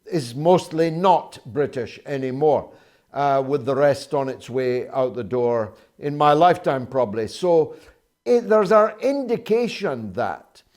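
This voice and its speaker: Slow-spoken man hosting. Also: mid-range voice, lively intonation, a little mellow. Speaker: host. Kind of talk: interview questions.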